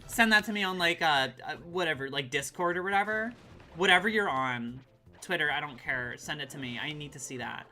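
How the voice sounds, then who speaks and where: A woman streaming a game, chatting casually and excitedly with her chat and swearing now and then. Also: low voice, fairly quick, soft background music. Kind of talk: casual live-stream chat while gaming.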